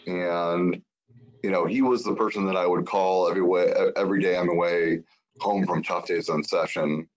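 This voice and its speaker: Super deep voiced guy, earnest and reflective, muffled lo-fi recording. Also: steady tone, normal speed. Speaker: state senator, guest. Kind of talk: political interview talk. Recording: dull lo-fi sound.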